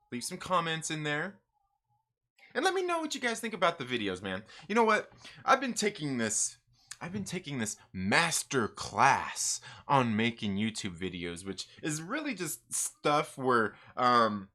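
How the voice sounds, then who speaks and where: Man, live stream host, bright forceful voice, animated, repetitive, casual chat. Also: medium pitch. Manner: animated, repeats himself, fond of "absolutely".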